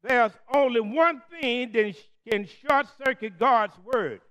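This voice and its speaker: A very high-pitched preacher leading a call-and-response sermon. He speaks slowly, drawing out the key words and leaving gaps for the congregation to answer. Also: a bit bright, smooth. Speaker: Methodist preacher.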